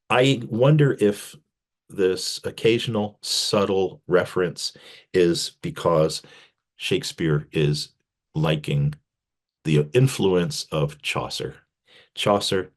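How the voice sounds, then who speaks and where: Male professor, deep voice, casual wry lecture delivery with lively emphasis. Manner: wry, joking asides; animated, pitch jumping on emphasis.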